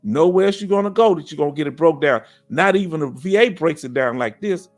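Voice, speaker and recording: A man's voice: on the high side, fairly quick, hardly any pauses, faint music behind. A middle-aged man with a Southern US accent hosts a casual veterans' live stream. He reads viewer comments and keeps checking in with "you understand?". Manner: animated, preachy, keeps asking "you understand?".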